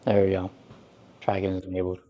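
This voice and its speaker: A man's voice: sits low, monotone, brisk, dull audio, slight background noise. A man hosting a casual cooking live stream from his home kitchen, rambling as he peels and chats with viewers. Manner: rambling, chatty, talks to chat and a cat.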